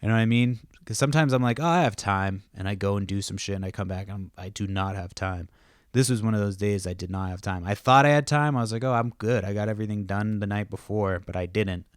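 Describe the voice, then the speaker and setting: Profane rambling low-voiced man. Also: quick pace, clear, resonant tone, no echo, clean studio sound. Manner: profane, rambling, self-interrupting. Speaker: podcast host. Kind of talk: casual rambling monologue. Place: home, kids nearby.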